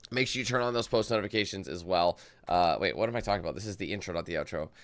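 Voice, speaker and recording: A man's voice: sits low, rapid-fire, fairly bright tone, no echo. A man talking casually on a live stream, rambling and chatty, tired, greeting his chat by name. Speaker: livestreamer.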